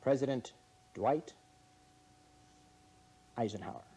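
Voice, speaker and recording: A man's voice: medium pitch, slow pace, mellow, a little hiss or hum. A man hosting a comedy quiz game in front of an audience, teasing the contestants with wry, mock-serious remarks. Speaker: game show host. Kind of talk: joking quiz-show hosting.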